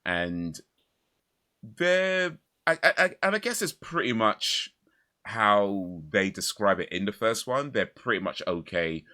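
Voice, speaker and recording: A man with a low, deep voice hosts a casual podcast conversation. He rambles through his thoughts, restarting sentences and leaning on "you know" as he goes. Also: animated, slow, bright, forceful tone. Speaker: podcast host.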